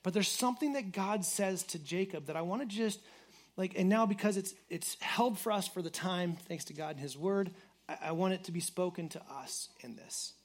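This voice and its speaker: Pastor, male, slightly high voice, casual earnest sermon delivery full of restarts. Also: moderate pace. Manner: earnest, repeats words and says "like" often. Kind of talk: conversational sermon.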